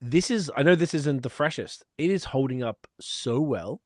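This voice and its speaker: A man's voice: medium pitch, lively intonation, moderate pace, no echo, clean studio sound. A man from Australia co-hosting a podcast, chatting casually over beers and telling stories with laughter and swearing. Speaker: podcast co-host.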